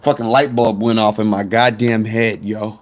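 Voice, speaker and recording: A man's voice: fairly low pitch, level tone, normal speed. A man telling a rambling, profane story to viewers on his phone stream.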